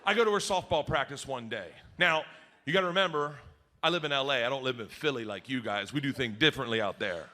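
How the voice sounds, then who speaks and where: A man performing a stand-up comedy set on a live stage, telling stories loudly and acting out other people's voices. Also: medium pitch, quick pace. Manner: loud, animated storytelling with acted-out voices.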